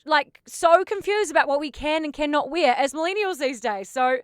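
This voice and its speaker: A woman's voice: sits high, expressive, moderate pace, dry recording, clean studio sound. A woman, hosting a podcast in a bubbly, chatty way, full of "like". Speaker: podcast host. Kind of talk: casual chat.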